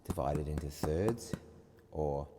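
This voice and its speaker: Low-voiced man teaching rhythm, reverberant room. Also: slow pace, very noisy. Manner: chatty, explaining step by step, chanting rhymes. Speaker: music teacher. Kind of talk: online music lesson.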